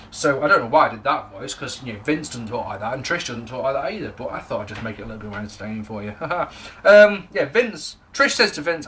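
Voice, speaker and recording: A man's voice: medium pitch, lively intonation, fast, fairly bright tone, a little hiss or hum. A young man giving a casual, jokey, sweary spoken wrestling review to camera.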